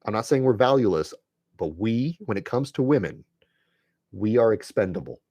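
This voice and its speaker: A man's voice: mid-range voice, animated, fairly quick, a little mellow, no echo, clean studio sound. A man hosting a live stream, giving an earnest, preachy monologue that repeats phrases for emphasis and speaks bluntly to his listeners. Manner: addresses listeners directly and bluntly. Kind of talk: impassioned monologue to viewers.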